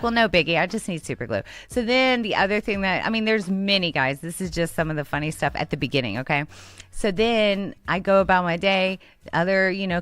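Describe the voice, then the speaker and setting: A woman co-host tells a travel mishap story in casual chat. She is animated, laughs often and acts out what everyone said. Her voice sits a bit low for a woman. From Texas. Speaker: radio show co-host.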